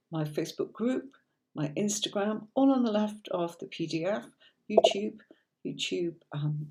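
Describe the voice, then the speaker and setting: Streaming live, a tarot teacher with a British accent talks to her viewers in a lowish voice, with lots of ums and restarted sentences. The audio is very noisy.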